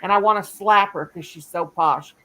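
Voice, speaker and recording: A woman hosting a casual livestream chat, chatty and animated, laughing often. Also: on the low side, normal speed, a little hiss or hum, rough recording. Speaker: livestream host. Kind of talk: casual live-stream chat.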